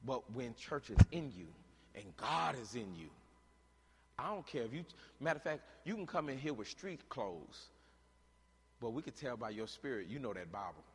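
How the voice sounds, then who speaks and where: A man preaching a sermon in a church, asking rhetorical questions for the congregation to answer and swinging between shouting and quiet talk. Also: medium pitch, very animated, normal speed, husky. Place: church hall. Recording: long hall reverb.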